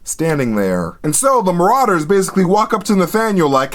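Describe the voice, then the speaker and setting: Lively, sarcastic comedy host. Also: male voice, sits high, brisk, hardly any pauses. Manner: sarcastic, profane, energetic. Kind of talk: comedic video commentary.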